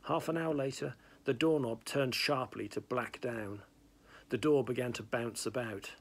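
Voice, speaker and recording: Brief: man narrating a fantasy novel read-aloud, gravelly and husky, unpolished delivery with restarts. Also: medium pitch, a little slow. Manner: plain narration with small slips and restarts. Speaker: reader.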